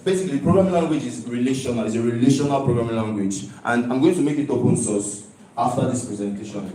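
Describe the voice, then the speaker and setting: A young Nigerian man delivers his student project presentation quickly, his medium-pitched voice relaxed and mellow. He stresses and repeats key phrases, constantly asking "do you understand?" He sounds far off in a large, strongly echoing lecture hall.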